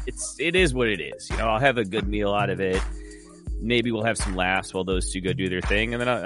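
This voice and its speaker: A man co-hosting a casual podcast, rambling in a dry, sarcastic way. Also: on the low side. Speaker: podcast co-host. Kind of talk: casual chat.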